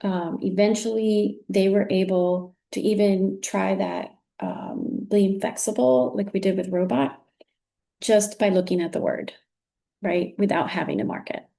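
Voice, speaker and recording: A woman's voice: mid-range voice, fairly even intonation, unhurried, creaky, dark tone. A woman leading a recorded teacher training, walking through examples patiently and encouraging with frequent praise.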